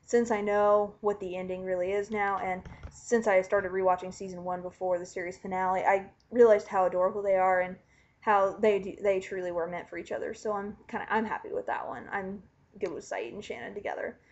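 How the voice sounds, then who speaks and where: Woman vlogger, excitable casual recap delivery, swears freely, dull lo-fi recording. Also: medium pitch, fairly quick. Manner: animated, chatty, swears casually.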